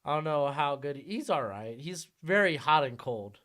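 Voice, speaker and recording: A man's voice: on the high side, lively intonation, moderate pace, fairly bright tone. A man live-streaming a football watch-along, chatting casually and jumping between calls on the plays and replies to his chat.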